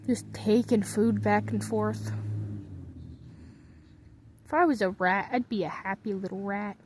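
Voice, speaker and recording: A woman's voice: medium pitch, steady tone, a little slow, a little mellow, a little hiss or hum. A woman idly rambling to herself from her bunk bed in her bedroom, drifting from one thought to the next as she talks. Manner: muses aloud to herself, drifts between thoughts. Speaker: vlogger. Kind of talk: casual rambling commentary.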